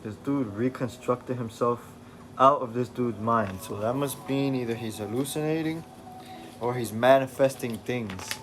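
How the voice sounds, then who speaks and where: A young man chatting casually on a livestream while reading comics aloud, relaxed and slangy. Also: mid-range voice, measured pace, slight background noise.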